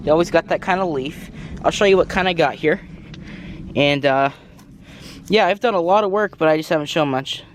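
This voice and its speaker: Gardening vlogger, man, slightly high voice, breathless, rambling outdoor camera talk. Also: brisk, pauses often, a little hiss or hum. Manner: rambling, self-correcting, apologetic asides. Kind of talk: casual garden tour. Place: outdoors in a garden, cars passing.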